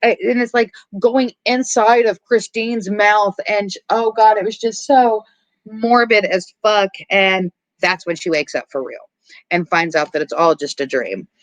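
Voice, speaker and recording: A podcast host with a medium-pitched voice recaps a horror film in casual, animated chat, swearing freely and leaning on filler words. There's no echo, and he acts out characters' lines in quick asides.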